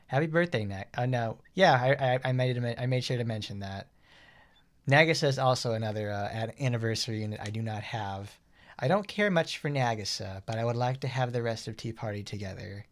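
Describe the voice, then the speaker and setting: A man giving casual gameplay commentary as a streamer, rambling, excitable and often correcting himself. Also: mid-range voice. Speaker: gaming streamer.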